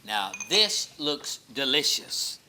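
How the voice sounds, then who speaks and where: A male pastor hosts a cooking segment on television, joking and letting out loud exclamations as he tastes. His voice is bright and swoops widely in pitch, with a faint hiss behind it. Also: sing-song, takes it slowly. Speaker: pastor and show host. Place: studio kitchen.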